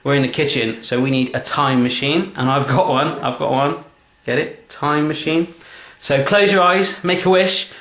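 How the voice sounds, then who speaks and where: A man's voice: on the high side, normal speed, fairly bright tone, reverberant. A man hosting a home cooking show in a playful, jokey chat. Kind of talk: casual chat. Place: home kitchen.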